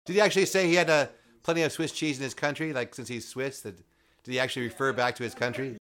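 A male podcast host talks fast in a casual interview, slipping in dry jokes at his guest's expense. His voice sits at an ordinary middle pitch. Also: fairly even intonation, a bit bright. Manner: dry teasing humor.

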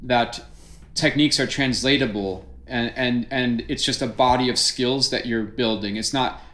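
A man's voice: medium pitch, moderate pace, bright, forceful tone. A middle-aged male juggler in casual conversation, reflecting on learning skills at length. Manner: reflective, explains ideas at length. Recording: roomy echo.

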